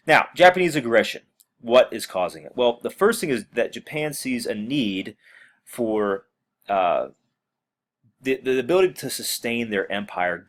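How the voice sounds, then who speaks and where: Male teacher, lower voice, casual recorded history lesson, lots of ums and self-corrections. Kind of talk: recorded classroom lecture.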